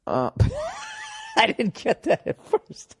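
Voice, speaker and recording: A man's voice: very high voice, huge pitch swings, slow pace. Blunt, profane comedian man. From United States. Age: middle-aged. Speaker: podcast host. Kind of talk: comedic podcast monologue.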